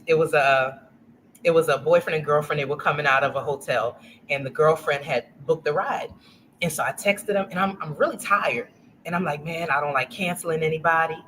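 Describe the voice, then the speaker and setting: A woman's voice: low-pitched, fairly quick, a little hiss or hum, low-quality recording. A woman in her forties from Louisiana, a guest telling a casual story and acting out the voices of the people in it. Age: 40s. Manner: animated, acts out quoted voices.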